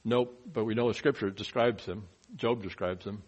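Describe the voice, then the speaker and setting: A man preaching a sermon in a conversational way, asking the listeners rhetorical questions and swinging between quiet asides and loud, emphatic bursts. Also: lowish voice, steady tone, moderate pace, lo-fi sound.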